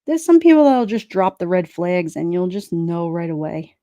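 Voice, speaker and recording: A woman's voice: lowish voice, very animated, moderate pace, warm tone, dry recording, studio quality. A middle-aged woman with a New York accent chatting casually to her livestream, blunt and streetwise, often breaking into laughs. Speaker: livestream host. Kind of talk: casual live-chat talk.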